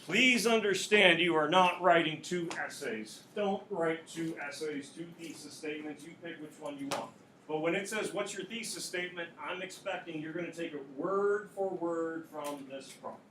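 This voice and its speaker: A male high school English teacher explaining an assignment to his class, patient and repeating key points. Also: normal speed, pushed and bright, a little hiss or hum. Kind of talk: classroom instruction.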